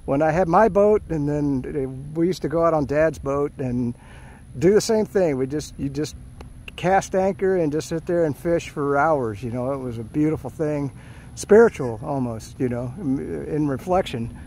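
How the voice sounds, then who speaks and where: Middle-aged male vlogger, chatty and excitable, slightly winded, light outdoor noise behind. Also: fairly high pitch, moderate pace. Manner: chatty, excitable, reads signs aloud then comments. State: slightly out of breath. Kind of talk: casual hiking vlog with sign reading. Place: outdoors at a park mound.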